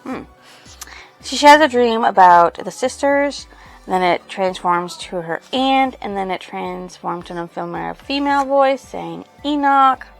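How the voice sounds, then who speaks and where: Recapping a novel's plot as a book reviewer, a woman speaks a little slowly in an expressive, gravelly, medium-pitched voice. Her loose, rambling delivery is full of fillers and "she's like," with faint music in the background.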